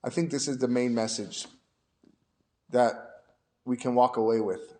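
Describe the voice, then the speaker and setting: A male rabbi giving a Torah lesson, telling a story and building to animated emphasis. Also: medium pitch, a little slow.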